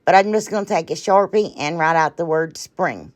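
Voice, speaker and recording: Brief: woman host, low voice, loose rambling craft tutorial talk, keeps saying y'all and sorry. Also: normal speed. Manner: rambling, chatty, often trails off and apologizes; addresses viewers as y'all. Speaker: DIY crafting channel host. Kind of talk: casual craft tutorial narration.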